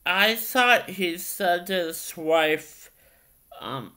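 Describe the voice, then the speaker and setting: A man's voice: high voice, expressive, very slow, bright, forceful tone, clear, resonant tone. A man vlogging casually, telling stories in a hesitant way with many ums and repeated phrases. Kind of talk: casual vlog storytelling.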